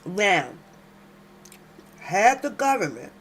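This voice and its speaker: A woman's voice: mid-range voice, sing-song, slow pace, husky. A woman hosting late-night commentary at home, reading documents aloud and breaking off into emphatic, slangy remarks to her viewers. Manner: talks to viewers directly, loud emphatic outbursts, slangy. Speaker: commentary channel host.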